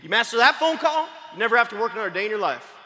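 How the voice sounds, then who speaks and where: Fast-talking, shouting motivational man, high voice. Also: sing-song. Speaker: sales trainer. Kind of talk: motivational sales training talk. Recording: long hall reverb.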